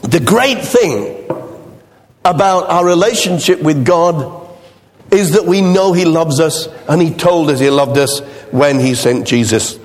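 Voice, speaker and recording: Chatty visiting preacher in a reverberant church. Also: male voice, a little high, expressive, measured pace. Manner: chatty, self-deprecating, with restarts. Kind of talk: sermon with anecdotes. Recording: long hall reverb.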